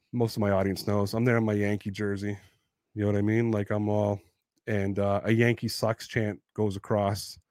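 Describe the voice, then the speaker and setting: A man in his thirties telling sports stories in a casual podcast chat, animated and heavy on swearing. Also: on the low side, normal speed, no room sound. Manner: profane, animated storyteller. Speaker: podcast co-host.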